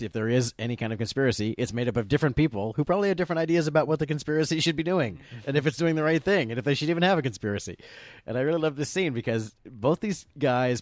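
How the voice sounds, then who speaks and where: A man chatting casually on a movie commentary track, animated and quick to laugh. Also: medium pitch, no room sound, studio quality. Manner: animated, laughs often, puts on quoted voices. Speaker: commentary host.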